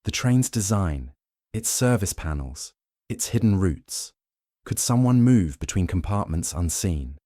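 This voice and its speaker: Here is a man playing a shrewd, stern older detective in an audiobook. He presses hard with pointed, commanding questions in a deep voice, set a little higher than his narration, in a dry, close sound. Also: expressive, a little slow, mellow, dry recording.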